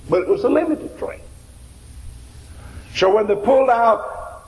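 A male preacher tells a sermon story, repeating lines and building to shouts. His voice is high, gravelly and swings wildly in pitch. It rings out in a large reverberant hall. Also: a little hiss or hum. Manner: rhythmic, repeating, rising to shouts.

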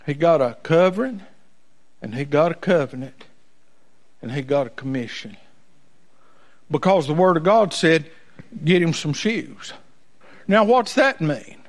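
A man preaching a sermon in a folksy cadence that climbs into impassioned, ringing peaks. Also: fairly high pitch.

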